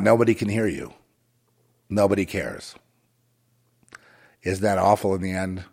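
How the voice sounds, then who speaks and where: A man's voice: sits low, a little slow, creaky, pauses often. A man delivering a rambling, moralizing monologue with a sardonic, digressive way of talking.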